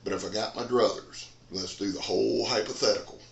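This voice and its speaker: A man's voice: lowish voice, fairly even intonation, brisk, gravelly, reverberant, highs cut off, a little hiss or hum. A man, rambling in a folksy casual chat as a knife reviewer in a dim room. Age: 40s.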